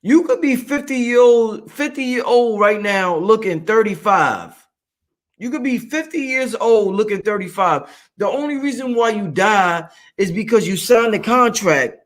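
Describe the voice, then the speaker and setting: Guy hosting a livestream, talks kinda high, swears a lot, says stuff twice for emphasis. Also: animated, unhurried. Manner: profane, emphatic, repeats lines for emphasis. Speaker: livestream host. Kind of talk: casual livestream monologue.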